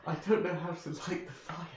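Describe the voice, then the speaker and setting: A man's voice: high-pitched, roomy sound, distant mic, muffled recording. A man voicing a pampered young noblewoman who speaks coyly and teasingly, full of fond pet names.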